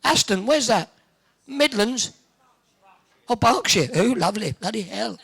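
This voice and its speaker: A man's voice: sits high, lively intonation, gravelly, a bit bright, husky. Cheeky man bantering with a crowd. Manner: cheeky, teasing, quick one-liners. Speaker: arena host entertaining the crowd. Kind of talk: joking crowd banter over a microphone. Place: large indoor bowls arena with a crowd.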